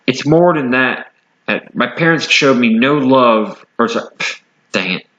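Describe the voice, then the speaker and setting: A man's voice: medium pitch, animated, unhurried, a bit bright, reverberant. A man voicing a huge male alpha wolf, fierce at first and later lonely and pleading. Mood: sad. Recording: dull lo-fi recording.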